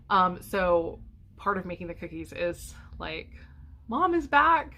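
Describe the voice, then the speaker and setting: A woman's voice: lowish voice, unhurried, bright, forceful tone. A middle-aged woman chatting casually to camera at home, rambling with many ums and restarts. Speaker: vlogger. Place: home, by a window.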